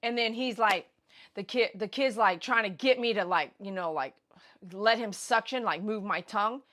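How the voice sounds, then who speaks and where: A woman hosting a casual livestream, telling a story in an animated, blunt, slangy way with loud bursts. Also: medium pitch, normal speed. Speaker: pet groomer host. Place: grooming shop.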